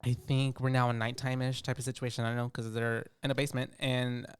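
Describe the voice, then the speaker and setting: Smooth-voiced man recapping a movie casually. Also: mid-range voice, little pitch movement, no echo, clean studio sound. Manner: laid-back, drops to mumbles, acts out characters in quick bursts. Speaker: podcast co-host.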